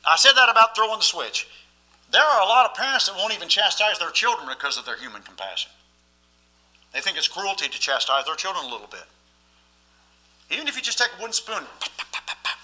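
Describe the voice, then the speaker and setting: A man's voice: high voice, sing-song, fast, long pauses, sharp tone, low-quality recording. A man preaching a sermon as pastor, emphatic and often asking the listeners questions.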